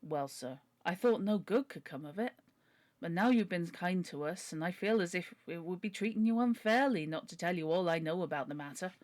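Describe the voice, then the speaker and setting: A woman's voice: on the low side, lively intonation, brisk, darkish tone, natural voice. A woman voicing a humble, pleading older male butler while reading a novel aloud. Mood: earnest. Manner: earnest, deferential, begging.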